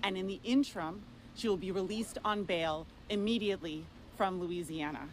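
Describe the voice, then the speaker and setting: A woman lawyer giving a press statement in a firm, measured, formal manner. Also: on the low side, very noisy.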